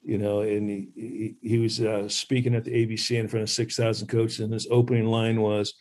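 A man who played professional baseball, a guest telling lively stories about growing up competing with his brother. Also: a little fast, few pauses. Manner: animated storyteller, mimics others in high voices. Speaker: podcast guest, former pro baseball player. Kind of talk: casual storytelling chat.

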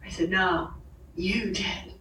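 Woman, bright forceful voice, animated storyteller, laughs often, acts out quoted voices, echoey room, a little off-mic. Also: on the low side, slow, recorded from a distance, slight background noise. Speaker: author and podcast guest. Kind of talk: storytelling in a conversation.

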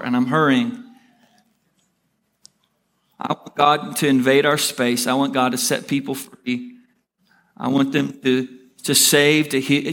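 A man preaching a sermon as a pastor, telling stories in an energetic, hurried way and pushing his voice up for emphasis. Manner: energetic, rushing storyteller with rising emphatic pitch.

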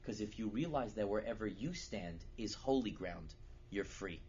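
A man giving a sermon as a lively storyteller who builds to loud, emphatic peaks. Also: lowish voice, normal speed. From United States. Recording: dull lo-fi recording with faint noise.

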